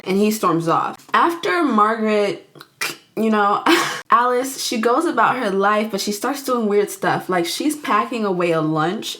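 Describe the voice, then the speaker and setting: A woman's voice: medium pitch, fairly bright tone. Chatty, giggly young woman recapping a film. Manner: chatty and giggly, lots of "like", acting out the characters. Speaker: YouTuber reviewing a film.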